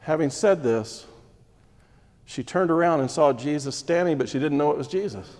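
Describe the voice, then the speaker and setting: A man's voice: a little high, moderate pace. Preaching man in a reverberant hall. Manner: expository preaching, voices Mary's distress, drops to hushed emphasis. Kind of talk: sermon.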